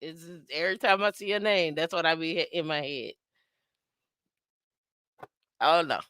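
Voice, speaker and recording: A woman's voice: low-pitched, normal speed, a bit bright, smooth, no room sound, clean studio sound. A woman hosting a casual livestream, chatting to viewers by name and breaking into playful sung sound effects. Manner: playful, sings and imitates dancehall sounds. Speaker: host.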